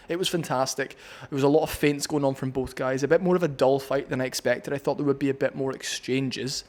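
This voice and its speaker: A man's voice: a little high, steady tone, fast talker, few pauses. A man with a Scottish accent breaking down a fight on his vlog, blunt, opinionated and profane. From Scotland. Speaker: MMA commentator.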